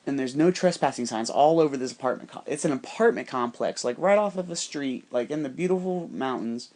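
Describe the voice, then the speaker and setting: A man's voice: mid-range voice, animated, fairly quick, darkish tone. A man telling a rambling, heavily profane story in a casual, conspiratorial monologue.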